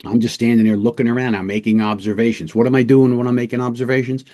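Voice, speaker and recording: A middle-aged man, a police lieutenant, teaching undercover work through a casual, lively anecdote told with small restarts. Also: mid-range voice, quick pace. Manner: lively anecdotes, acts out quoted voices, fillers and restarts. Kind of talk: casual storytelling lesson.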